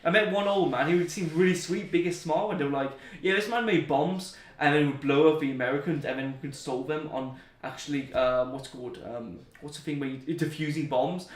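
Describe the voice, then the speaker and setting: Chatty young male guest, slightly high voice, rambling storyteller; roomy room, off-mic. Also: far from the mic. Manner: rambling, chatty, often laughing at his own stories. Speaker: interview guest. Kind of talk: casual storytelling.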